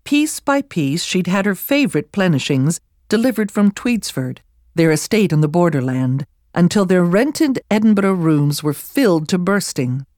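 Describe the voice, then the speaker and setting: A narrator reads a historical novel in a measured, even way, close to the microphone. The sound is dry with no room around it, and the pitch sits in the middle. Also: no room sound. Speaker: audiobook narrator. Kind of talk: scripted narration.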